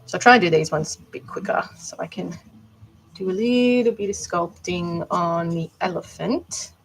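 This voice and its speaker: Chatty Australian woman, low voice. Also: moderate pace, a little hiss or hum, rough recording. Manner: chatty, answers viewer chat while sculpting. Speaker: art doll maker streaming live. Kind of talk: casual live-stream chat while working.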